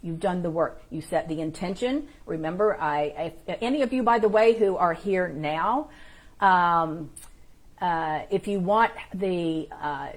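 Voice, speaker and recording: A woman's voice: fairly low pitch, unhurried. Encouraging woman hosting a spiritual stream. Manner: informal and encouraging, greets viewers in the chat by name. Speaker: spiritual teacher and host. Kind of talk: live-streamed spiritual teaching.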